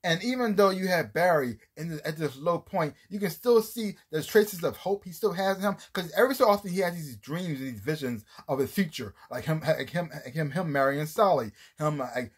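A man's voice: a little high, lively intonation, moderate pace, hardly any pauses, slightly rough. A man giving a casual, rambling review of a TV series, often restarting his sentences and acting out scenes as he retells them. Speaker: TV show reviewer.

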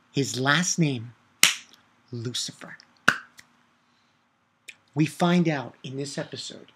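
A man giving a casual video review of an anime episode, excitable and rambling, swearing and shouting out his own reactions. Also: on the high side, husky. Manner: rambling with restarts and filler.

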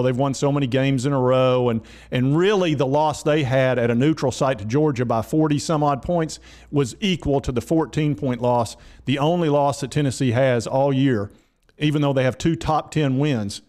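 A man's voice: mid-range voice, a little mellow. A man, a sports vlogger who rants in a folksy, exasperated way. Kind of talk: casual sports commentary.

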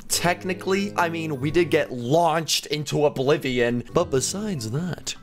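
A man's voice: fairly high pitch, measured pace, soft background music. A man hosting a gaming video, giving playful, jokey let's-play commentary as he plays. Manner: playful, animated, jokey self-talk.

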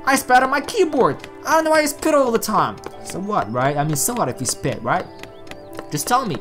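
Chatty woman with a lively, bouncing voice. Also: medium pitch, fairly quick, soft background music. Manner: excitable, chatty, talks to in-game objects. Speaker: gaming channel host. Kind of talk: casual let's-play commentary.

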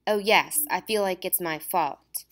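A woman reading the part of a caring female schoolteacher who speaks in an earnest, gently reassuring way. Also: on the low side, a little slow. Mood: concerned. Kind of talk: audiobook dialogue.

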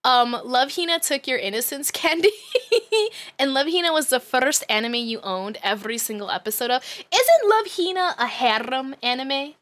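A woman's voice: high voice, animated, normal speed, fairly bright tone. A woman in her thirties chatting casually on a livestream, laughing often, swearing freely and rambling with lots of fillers. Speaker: streamer.

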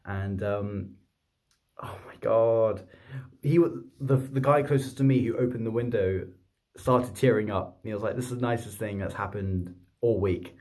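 Chatty man with a low voice. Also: normal speed. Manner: chatty, rambling, excitable, with many fillers and restarts. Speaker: vlogger and streamer. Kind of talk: casual rambling storytelling to camera.

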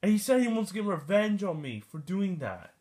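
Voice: medium pitch, very animated, darkish tone, natural voice. A performer voicing a grumpy, fed-up plush shark that sighs and grumbles in a homemade plush video. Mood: grumbling. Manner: sighing, grumbling, slow. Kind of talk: plush toy puppet video.

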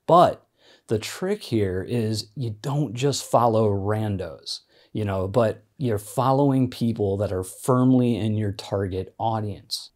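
A man's voice: fairly low pitch, darkish tone. A man who is an independent filmmaker, giving practical social media marketing tips straight to camera in a conversational way. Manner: conversational, practical, with casual fillers. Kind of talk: direct-to-camera advice talk.

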